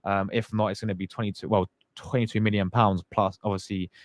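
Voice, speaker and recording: Young dude on a live stream, chatty and slangy, dry close mic. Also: male voice, fairly low pitch, flat delivery, brisk, no room sound. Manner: chatty, greets viewers by name, slangy. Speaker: fan channel host. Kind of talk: casual live stream chat.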